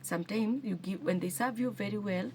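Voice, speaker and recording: A Kenyan woman speaks to her viewers, earnest and emotional, breaking off and restarting her sentences as she tells the story. Her pitch sits in an ordinary middle range. A faint hiss runs under her voice. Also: brisk, darkish tone. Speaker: single mother vlogger. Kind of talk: personal storytelling to camera.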